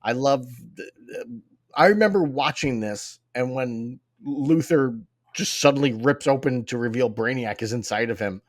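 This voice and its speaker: A man's voice: medium pitch, normal speed, no room sound, studio quality. A man co-hosting a casual podcast, gushing about a cartoon episode and saying again and again how much he loves it. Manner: enthusiastic fan, keeps repeating "I love that". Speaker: podcast co-host.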